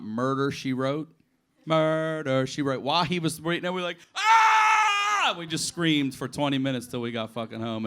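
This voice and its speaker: On a comedy club stage, a medium-pitched man from Baltimore, USA, does improvised stand-up based on audience requests. His stories are profane and animated, and he acts out the quotes.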